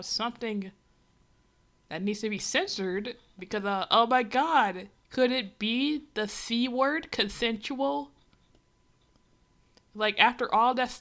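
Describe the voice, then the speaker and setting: A woman's voice: mid-range voice, fairly bright tone. A woman streamer giving a rambling, sarcastic, exasperated running commentary on a comic. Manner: rambling with many asides. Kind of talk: casual reaction commentary on a comic.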